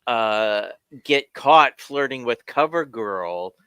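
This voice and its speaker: A man's voice: mid-range voice, animated, takes it slowly, bright, forceful tone, clean tone, no echo. A man co-hosting a casual livestream podcast from home, joking playfully with the others. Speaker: podcast co-host.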